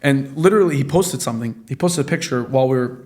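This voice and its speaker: Speaking quickly in a medium-pitched voice, a man in his late twenties joins a casual podcast as a guest who owns a real estate business. He tells lively stories heavy on profanity, acting out the people he quotes.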